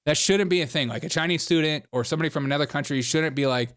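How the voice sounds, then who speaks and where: A man's voice: a little high, very fast, hardly any pauses, fairly bright tone, smooth, dry recording, studio quality. Sarcastic, laughing male commentary host. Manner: sarcastic, laughs often between remarks. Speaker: host of a political commentary show. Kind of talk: casual reaction commentary.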